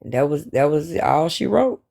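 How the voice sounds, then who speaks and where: Man in his 40s, slangy lively storyteller, slightly high voice. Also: moderate pace, creaky. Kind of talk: casual chat.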